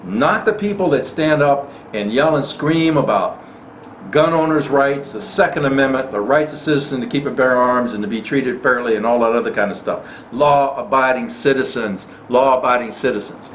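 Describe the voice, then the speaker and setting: In an echoey space with faint noise, a man running a gun rights channel offers impassioned, indignant commentary and repeats lines for emphasis. He speaks at normal speed with a medium pitch.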